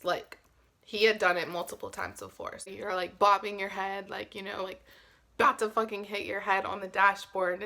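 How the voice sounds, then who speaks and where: A woman's voice: medium pitch, vocal fry, sharp tone. A young woman telling a personal story in a candid, emotional vlog, swearing freely and saying "like" often. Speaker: vlogger.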